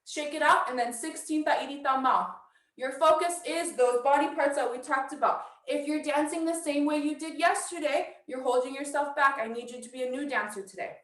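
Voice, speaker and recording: High voice lady counting dance steps, kinda breathless, roomy echo, far from the mic. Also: fairly bright tone. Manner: brisk coaching with counted cues. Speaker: dance instructor. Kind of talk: online dance workshop instruction. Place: house.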